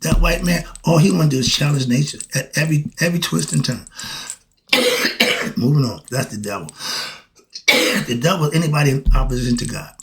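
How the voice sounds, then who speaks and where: An older man giving a preachy spiritual monologue to his viewers, firing rhetorical questions and swinging between loud exasperation and quiet asides. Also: fairly high pitch, a little fast, long pauses. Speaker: self-styled spiritual teacher.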